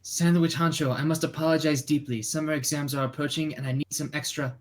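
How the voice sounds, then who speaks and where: Flustered young student, read by a man: earnest, slightly high. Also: steady tone, a little fast, natural voice. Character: nervous young male student apologizing to his boss.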